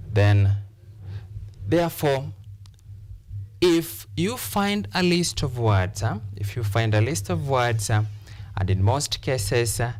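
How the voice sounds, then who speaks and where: Man, mid-pitched, very slow delivery, patient lesson pacing with repeated words. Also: darkish tone. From Kenya. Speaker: teacher. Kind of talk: classroom lesson on pronunciation.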